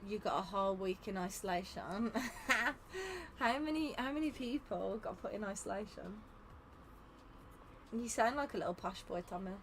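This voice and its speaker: A woman's voice: medium pitch, lively intonation, normal speed, slight background noise. A young English woman hosting a live game stream, chatting casually with viewers, teasing them, laughing often and sounding tired. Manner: teasing, laughs often, reads chat aloud. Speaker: streamer running custom game lobbies.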